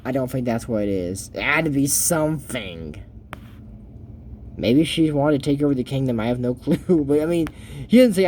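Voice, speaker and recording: Guy rambling casually over a cartoon recap, chuckling at himself, middle pitch. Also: animated, normal speed, a little mellow, a little hiss or hum. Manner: rambling, chatty, laughs at own jokes. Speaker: YouTube commentator. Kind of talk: casual reaction commentary on a cartoon episode.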